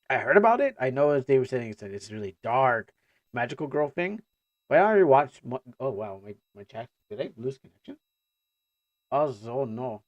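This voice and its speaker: A man chatting on a live stream in a loose, rambling way, full of restarts and stammers. His voice sits at an ordinary middle pitch, and it was recorded close and dry with no room sound. He keeps breaking off into joking asides as he reacts. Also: darkish tone, no room sound, dull audio.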